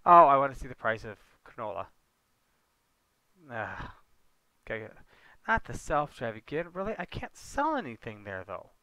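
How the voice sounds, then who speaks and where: A man's voice: medium pitch, big pitch swings, normal speed, long pauses, pushed and bright, no room sound. A man chatting casually with his viewers while livestreaming a game, joking and talking to them by name. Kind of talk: casual gameplay livestream chat.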